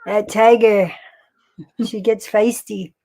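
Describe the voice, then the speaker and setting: A woman doing an impression of a gruff, easygoing old man. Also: mid-range voice, steady tone, takes it slowly, warm tone. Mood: fond.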